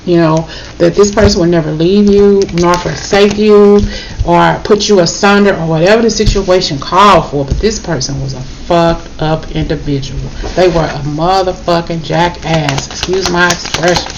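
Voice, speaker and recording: A woman's voice: lowish voice, steady tone, moderate pace, lo-fi sound, background noise. Blunt, emotional woman tarot reader. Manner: emotional, blunt, peppered with "okay?" and swearing. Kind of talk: casual spoken tarot reading.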